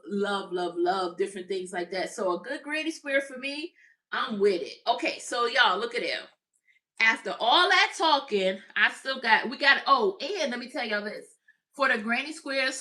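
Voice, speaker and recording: A woman's voice: a little high, sharp tone. A woman hosting a casual crochet livestream, chatting with viewers, reading out their comments and laughing often.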